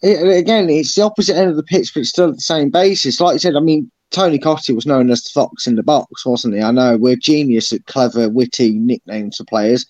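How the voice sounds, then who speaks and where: A man co-hosting a football podcast, animated and sweary, mimicking players' shouts. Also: medium pitch, a little fast, few pauses, dry recording, dull audio. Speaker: podcast co-host. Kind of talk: casual football chat.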